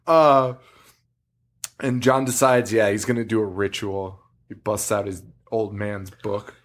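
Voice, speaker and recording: A man's voice: fairly low pitch, steady tone, measured pace. A man co-hosting a podcast, in a casual movie-review chat, laughing and swearing freely as he retells scenes. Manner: laughing, profane, storytelling. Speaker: podcast co-host.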